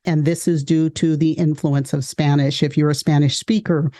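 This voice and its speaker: Mellow-voiced woman giving a lecture. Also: sits low, level tone. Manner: measured, explaining with examples. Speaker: educator and podcast host. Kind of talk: explanatory lecture.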